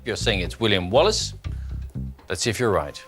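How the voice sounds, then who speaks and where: A man's voice: lowish voice, sing-song, moderate pace, music in the background. A man hosting a TV quiz show in a studio, reading out questions and congratulating contestants in an upbeat way.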